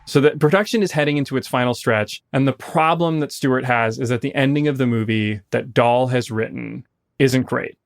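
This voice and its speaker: A man's voice: mid-range voice, fairly quick, gravelly, no room sound, studio quality. Male podcast host telling a story. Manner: animated, explanatory storyteller.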